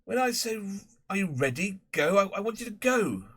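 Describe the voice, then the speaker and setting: A man's voice: sits high, very animated, moderate pace, a bit bright, husky, dry recording, clean studio sound, voice pushed up, heavily acted. A man voicing a feeble, fretful elderly schoolmaster who pleads plaintively and in exasperation. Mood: exasperated.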